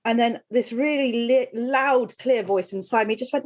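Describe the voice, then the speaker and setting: A woman's voice: a little high, moderate pace, few pauses. Candid middle-aged woman telling a story. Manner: candid, animated, laughs while telling stories. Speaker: guest, mindset and well-being coach. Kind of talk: conversational storytelling.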